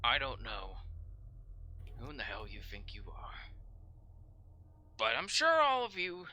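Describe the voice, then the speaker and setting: A man doing a gruff, cursing sergeant. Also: mid-range voice, wildly swooping pitch, moderate pace, sharp tone. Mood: menacing. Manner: barking, threatening, cursing. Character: gruff angry middle-aged male sergeant.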